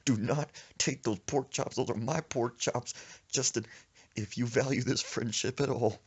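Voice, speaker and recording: A man's voice: mid-range voice, steady tone, a little slow, breathy edge. Insistent young guy, plain everyday voice, pleading, as a man puts him on. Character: young man, a possessive friend guarding food.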